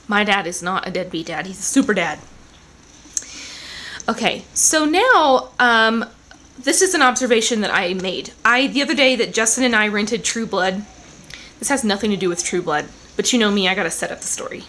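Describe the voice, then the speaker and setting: A young woman talks casually to her camera from a living room at home. Her voice sits a little high, and she rambles with quick asides. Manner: chatty, rambling, animated with asides. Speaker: vlogger.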